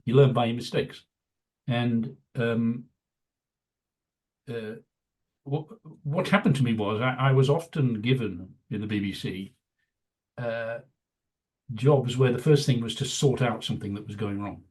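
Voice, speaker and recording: A man's voice: mid-range voice, a little slow, pauses often, darkish tone. A man in his seventies, a veteran news executive, telling rambling career anecdotes in a casual interview, full of "you know" fillers. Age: 70s.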